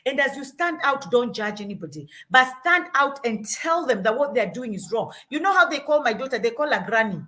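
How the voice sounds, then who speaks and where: A woman's voice: fairly high pitch, animated, fairly quick, hardly any pauses, pushed and bright. A middle-aged Kenyan woman with a Kenyan accent, giving earnest parenting advice in an emphatic, repetitive storytelling way. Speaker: parenting guest.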